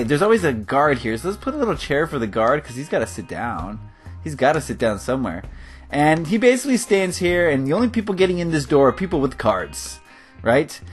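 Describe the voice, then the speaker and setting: A man's voice: a little high, a bit bright. A man from California giving casual, rambling commentary on his game build, laughing often. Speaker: gaming video host. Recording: faint guitar music behind.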